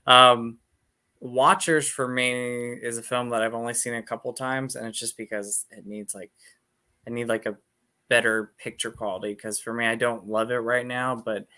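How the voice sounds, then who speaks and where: Bright-voiced rambling man in his thirties. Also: mid-range voice, fairly even intonation, moderate pace. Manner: rambling, many "like" fillers. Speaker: guest. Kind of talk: casual chat.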